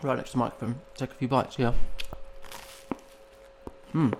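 A man's voice: medium pitch, fairly even intonation, moderate pace, a little mellow. A man who co-hosts a podcast. He talks casually and teases his co-host, sometimes mumbling while he eats and breaking into laughter. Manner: teasing, mumbling while eating, bursts of laughter. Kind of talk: casual chat. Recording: echoey room with faint hiss.

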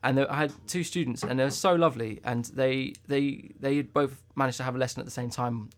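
A man rattles through an anecdote at a quick clip, chatty and loose, dropping swear words as he goes. His voice sits in an ordinary middle register, and he sounds like a podcast co-host in relaxed conversation. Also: medium pitch. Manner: chatty storyteller who swears freely. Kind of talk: casual chat.

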